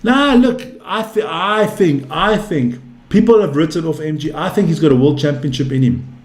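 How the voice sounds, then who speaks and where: A man in his fifties gives casual live darts commentary, calling out scores between loose banter with viewers. His voice sits fairly high for a man. The sound is roomy, with a noticeable echo. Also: expressive, normal speed. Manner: chatty, calls scores and answers viewer chat. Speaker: darts commentator and stream host.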